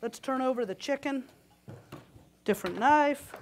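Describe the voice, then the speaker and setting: With slight background noise behind her, a woman speaks in a high-pitched, unhurried voice. She's giving a live cooking demo on a conference hall kitchen stage, joking and chatting with the crowd, slightly winded.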